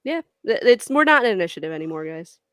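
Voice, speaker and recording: Clear-voiced woman running a tabletop game. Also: medium pitch, fast talker, no room sound. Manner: relaxed explaining, many fillers. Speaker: dungeon master.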